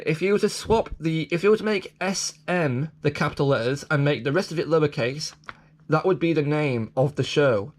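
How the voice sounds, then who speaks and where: A man rambling through a toy catalogue in casual commentary, stumbling over restarts and throwing in self-deprecating asides. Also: medium pitch. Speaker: vlogger reviewing a toy catalogue.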